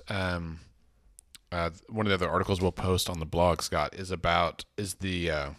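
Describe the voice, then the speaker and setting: A man's voice: low-pitched, fairly bright tone, no room sound, studio quality. A man co-hosting a podcast, chatting casually about policy news with rambling asides and jokes. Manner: rambling, self-correcting, joking. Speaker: podcast co-host.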